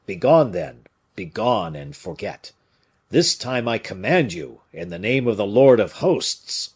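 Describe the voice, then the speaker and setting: A man's voice: medium pitch, very animated, unhurried, creaky, a little mellow, slightly rough, full character voice. A man voicing a grave noble bishop who commands and pleads with a crowd. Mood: commanding.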